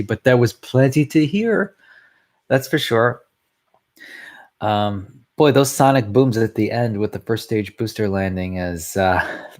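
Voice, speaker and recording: A man's voice: fairly low pitch, vocal fry. A middle-aged man recording a casual video message at home, chatting in a rambling way and chuckling often. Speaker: family member sending a video message.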